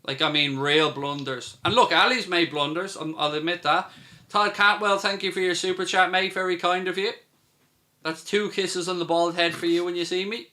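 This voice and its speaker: An Irish man with a high, bright voice speaks at a normal pace with a forceful edge. He's hosting a live football watchalong, chatting away as he reads out viewer questions and answers them.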